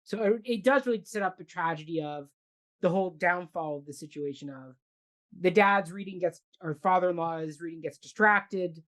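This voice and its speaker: A woman's voice: fairly low pitch, moderate pace, fairly bright tone. A woman co-hosting a casual theatre review chat, rambling with many fillers and restarts. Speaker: podcast co-host.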